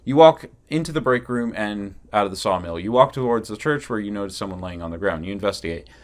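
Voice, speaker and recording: Deadpan young man reading a story. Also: on the low side, quick pace. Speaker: podcast host. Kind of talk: comedic podcast story reading.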